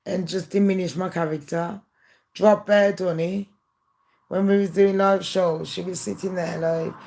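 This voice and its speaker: Creaky and darkish, this woman's lowish voice fills a casual to-camera monologue. The YouTuber speaks openly to her viewers, airing her grievances.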